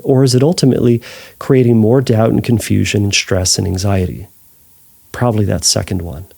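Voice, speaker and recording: A man's voice: medium pitch, gravelly, dark tone. A man who is a therapist hosts a podcast, answering a listener's question in a thoughtful way with frequent restarts.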